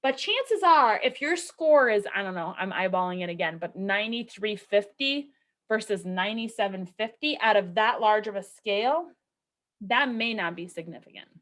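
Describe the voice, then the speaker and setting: At a moderate pace, a woman with a medium-pitched, expressive, slightly bright voice gives a recorded statistics lecture. She keeps things conversational through rhetorical questions and regular "okay"s and "right"s.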